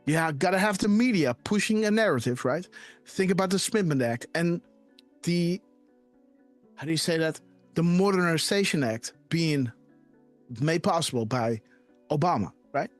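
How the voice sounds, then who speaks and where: A man hosting a live decode show, talking fast and excitedly and asking "right?" again and again. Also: on the high side, soft background music. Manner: animated, repeats "right?" and "guys". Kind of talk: conspiracy decode commentary.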